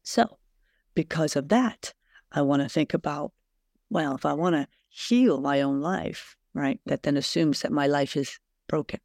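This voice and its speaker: Hosting a reflective solo podcast, a woman reads aloud and muses earnestly in a conversational way, posing rhetorical questions to her listeners. Her voice sits low, gravelly and somewhat dark, recorded as clean studio sound with no room noise.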